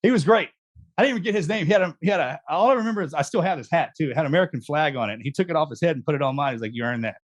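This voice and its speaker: A man's voice: on the high side, very fast. A man, a guest recounting memories in a joking, laughing way. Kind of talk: casual storytelling.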